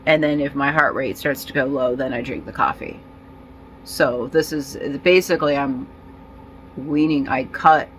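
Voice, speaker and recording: A woman talking in a casual personal vlog, rambling and halting with many fillers and restarts, in nicotine withdrawal and feeling disoriented. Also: extremely low pitch, a little hiss or hum, low-quality recording. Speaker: vlogger.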